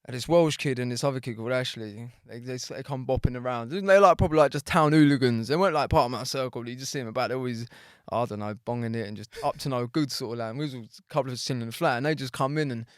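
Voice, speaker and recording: A man in his thirties, a podcast guest telling stories in animated street slang. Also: medium pitch, quick pace, hardly any pauses, no room sound, studio quality. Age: 30s. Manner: animated storytelling full of street slang and swearing. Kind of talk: casual storytelling interview.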